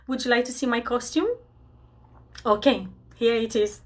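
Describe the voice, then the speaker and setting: A woman teaching preschool children, gentle and encouraging as she leads a reading game. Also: fairly high pitch, steady tone, moderate pace. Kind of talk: children's lesson.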